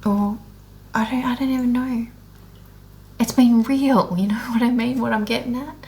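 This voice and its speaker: A woman's voice: on the high side, fairly even intonation, moderate pace, dark tone. A woman speaking in a candid, unscripted monologue, blunt and heavily profane, earnest and emotional as she rambles with restarts about her spiritual awakening.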